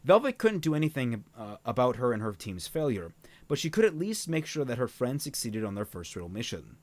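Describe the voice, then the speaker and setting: A man's voice: mid-range voice, big pitch swings, fairly quick, dry recording. A man reading a fan novel aloud on a stream, adding his own commentary, with frequent fillers and restarts. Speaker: reader and streamer.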